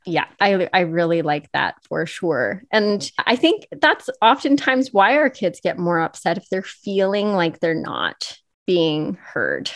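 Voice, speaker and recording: A woman's voice: fairly low pitch, very animated, takes it slowly, no echo, studio quality. A woman in her forties hosting a podcast, affirming her guest and laughing easily. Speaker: podcast host. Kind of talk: casual podcast interview.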